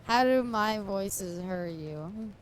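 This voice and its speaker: Slow-talking woman streamer, laughing. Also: mid-range voice, animated, a little hiss or hum, rough recording. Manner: laughs often, reads chat aloud and banters. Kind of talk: casual livestream chat while gaming.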